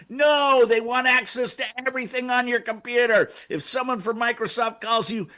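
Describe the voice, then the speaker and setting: An older man hosting a comic segment over a video call, stammering and acting out scenes in shouted voices. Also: very high voice, steady tone, normal speed, few pauses. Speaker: segment host. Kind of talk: comic rant.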